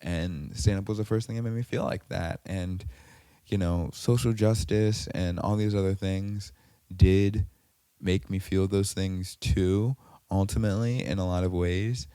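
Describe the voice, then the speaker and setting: A man's voice: low-pitched, steady tone, measured pace, dark tone, clean tone, dry recording. A man hosting a podcast, telling a personal story in a rambling way, full of fillers and self-corrections. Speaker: podcast host.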